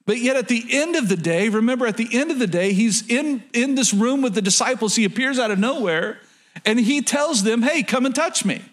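A man's voice: very high-pitched, lively intonation, fairly quick. A man preaching a sermon to his congregation, reading scripture and repeating phrases for emphasis. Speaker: pastor. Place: church in front of a congregation.

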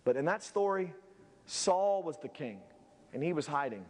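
A male pastor preaching a sermon, swinging between shouted peaks and low, quiet asides. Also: animated, normal speed, long reverb tail.

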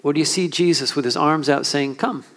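A pastor preaching an impassioned sermon to his congregation, swinging between urgent calls and quiet, earnest passages. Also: fairly high pitch, steady tone, a little fast, vocal fry. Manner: impassioned preaching with rising and falling intensity.

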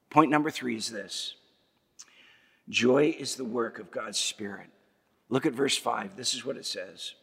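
A man's voice: mid-range voice, gravelly, fairly bright tone, husky. A man preaching a sermon as pastor, building emphasis through repeated phrases and rhetorical questions. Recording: long hall reverb.

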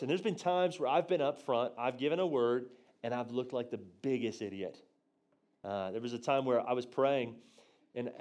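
A man teaching a church group on prophecy, telling a story from the pulpit and acting out his own quotes, dropping quiet for tender moments and jumping loud for punchlines. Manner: animated storyteller, acts out his own quotes with big jumps in pitch and volume. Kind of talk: storytelling sermon.

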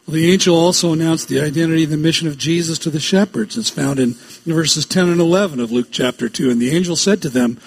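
A man preaching a sermon as a pastor, reading scripture aloud with slow, stressed phrasing and breaking off into quick asides. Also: a little high, creaky, breathy edge.

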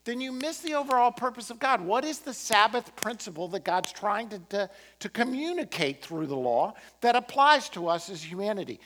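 A man preaching a sermon as pastor, impassioned, swinging from emphatic peaks to quiet, earnest moments. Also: high-pitched, very animated, moderate pace, slight background noise. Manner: impassioned, rising to emphatic peaks then dropping to quiet prayer.

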